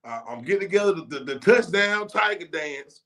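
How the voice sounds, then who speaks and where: A man hosting a live talk show, talking in a high-energy, slangy, hype-man way. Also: lively intonation, a little fast, fairly bright tone. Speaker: talk show host and stadium announcer. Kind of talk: hyped casual live talk.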